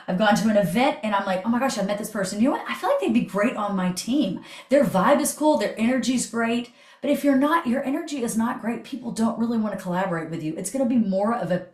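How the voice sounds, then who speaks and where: A woman hosting a motivational video call, energetic and chatty, swearing casually. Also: mid-range voice, echoey room. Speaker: host.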